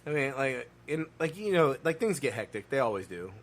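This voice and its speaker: Casual podcast co-host, male, swears constantly, animated storyteller, faint background noise. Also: medium pitch, a little fast. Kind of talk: casual chat.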